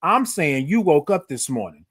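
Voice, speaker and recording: Male morning-stream host on a phone, high and very lively, reads out viewer comments and stretches out his greetings. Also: moderate pace, husky. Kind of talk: upbeat live-stream chat greeting viewers.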